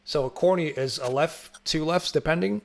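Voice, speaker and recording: A man's voice: a little high, normal speed, creaky, a little hiss or hum. A young man co-hosting a podcast in casual chat, laid-back, laughing often and swearing casually. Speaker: podcast co-host.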